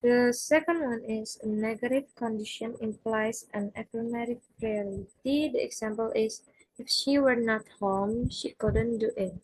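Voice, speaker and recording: A young woman, a native Indonesian speaker, slowly reading her grammar lesson notes aloud with frequent "uh" fillers. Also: a little high, steady tone, husky, poor audio. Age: young adult. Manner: slow and careful, with frequent "uh" fillers. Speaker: student presenting an exam review.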